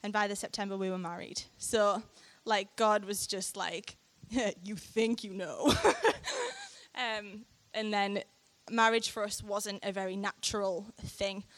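A young adult woman, telling a personal testimony to a church audience in an animated way, often laughing. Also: mid-range voice, measured pace, hardly any pauses. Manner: animated storytelling, frequent laughter, acts out quoted lines. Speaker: speaker sharing a testimony.

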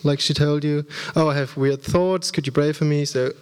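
A man's voice: on the high side, fairly even intonation, moderate pace, a little mellow, smooth. A man telling his side of a church testimony, hesitant with frequent ums. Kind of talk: storytelling testimony. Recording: reverberant hall.

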